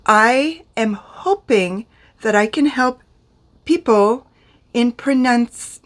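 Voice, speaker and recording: Speaking slowly in a fairly high voice, a middle-aged Frenchwoman teaches pronunciation to the camera. She's a beauty vlogger, and her manner is chatty and self-deprecating.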